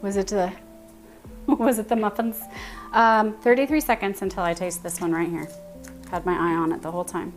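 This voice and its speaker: A woman's voice: medium pitch, fairly even intonation, moderate pace, soft background music. A woman with a Texan accent hosting a casual baking livestream, chatting and thinking aloud as she greets her viewers by name in her home kitchen.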